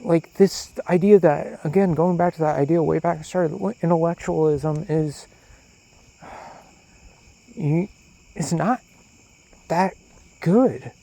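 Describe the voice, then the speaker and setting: A man's voice: on the high side, slow, vocal fry, pauses often, low-quality recording. A man delivering a profane, rambling monologue outdoors at night, with crickets chirping behind him. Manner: profane, animated, questioning. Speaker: solo podcaster. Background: crickets and insects.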